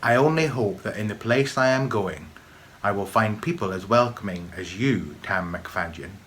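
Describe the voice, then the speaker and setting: A man's voice: on the low side, lively intonation, moderate pace, a bit bright, a little hiss or hum. A man voicing a huge, noble old male dragon in a storybook reading, with a growling, solemn delivery.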